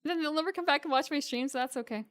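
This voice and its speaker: A woman's voice: high-pitched, fast, a bit bright. A woman streamer reading a visual novel aloud and commenting between lines in a casual way.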